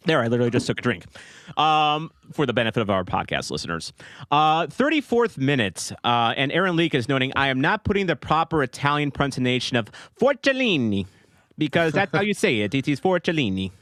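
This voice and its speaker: A man's voice: medium pitch, very animated, quick pace, a bit bright, no echo, clean studio sound. A man co-hosting a casual sports podcast, recapping a match play by play with lots of fillers. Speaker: podcast co-host.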